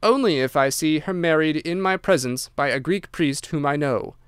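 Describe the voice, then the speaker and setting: A man's voice: fairly high pitch, lively intonation, moderate pace, clean tone, dry recording, studio quality, close to an everyday voice. A man voicing a starved, defiant prisoner. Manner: stubborn, curt refusals.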